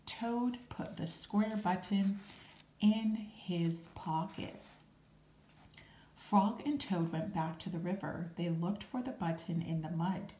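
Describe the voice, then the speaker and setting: Woman storyteller for children, calm and very slow, a bit low, echoey room. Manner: calm, unhurried, with small asides. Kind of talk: reading a children's storybook aloud. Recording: roomy echo.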